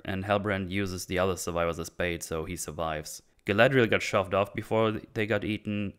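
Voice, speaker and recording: A man's voice: low-pitched, a bit bright, smooth. A man hosting a casual recap, sarcastic and irreverent as he mocks plot holes. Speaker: channel host reviewing a series.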